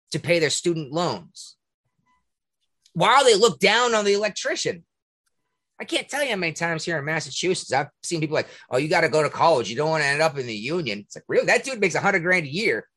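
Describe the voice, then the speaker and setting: A man hosting a podcast, ranting in casual talk, profane and indignant, with a husky voice. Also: on the high side, a bit bright. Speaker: podcast host. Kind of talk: heated casual rant.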